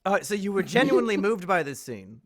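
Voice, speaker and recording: A man hosting a casual podcast, retelling a film in an animated, profane way and laughing often. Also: high voice, a little fast. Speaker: podcast host.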